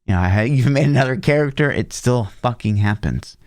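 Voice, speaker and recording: A man co-hosting a casual gaming podcast, joking and swearing freely in an animated way. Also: medium pitch, brisk, no room sound, clean studio sound. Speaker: podcast co-host.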